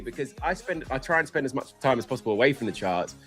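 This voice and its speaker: Rambling, excitable male trading streamer. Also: medium pitch, racing, hardly any pauses, soft background music. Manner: rambling and excitable, bursts of laughter. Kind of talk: live trading stream chat.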